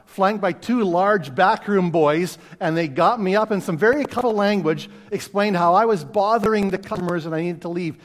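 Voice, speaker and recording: Middle aged guy pastor, high-ish voice, chatty sermon w/ self-deprecating jokes, long church reverb. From Canada. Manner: conversational storytelling with self-deprecating humor. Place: church sanctuary.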